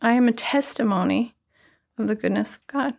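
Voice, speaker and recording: A middle-aged woman sharing an emotional personal faith testimony as a guest, swinging from loud exclamations to breathy whispers. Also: a little high, normal speed.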